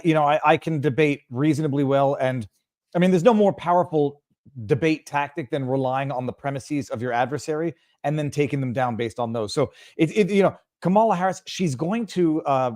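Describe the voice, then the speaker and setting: A man from Canada talks as a guest on a political show, firm and emphatic, with a fairly high voice. He often repeats his opening words before the sentence lands. His voice sounds close and dry, with no room around it. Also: darkish tone, no echo. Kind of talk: political talk show interview.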